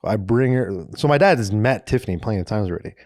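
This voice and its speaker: A man's voice: fairly low pitch, animated, fast, a little mellow, no room sound, studio quality. A man in his thirties casually telling a funny story as a podcast co-host, rambling and swearing freely.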